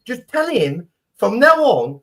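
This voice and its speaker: A man hosting a live stream, blunt and sweary, talking fast and getting worked up. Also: extremely high pitch, big pitch swings, fairly bright tone. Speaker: stream host. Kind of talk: casual chat on a live stream.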